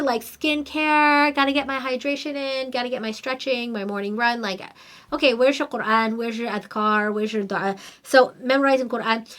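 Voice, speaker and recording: Animated, fairly high-voiced woman host. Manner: animated, emphatic and conversational. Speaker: podcast host. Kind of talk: casual storytelling monologue.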